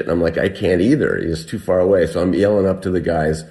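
Middle-aged man, very low voice, guest recounting an ordeal, lively quoted shouts. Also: fairly quick. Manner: animated retelling, acts out shouted quotes. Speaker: guest telling a survival story. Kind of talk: conversational storytelling.

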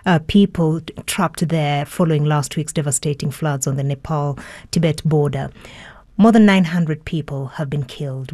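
Low-voiced woman reading the news. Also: no room sound. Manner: steady reading, brief slips. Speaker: news presenter.

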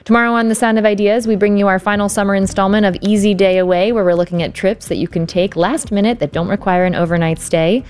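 A woman hosting a public radio talk show, wrapping up the interview and reading out listener mail in a measured way. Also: medium pitch, steady tone, darkish tone. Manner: measured, clearly spelling out details.

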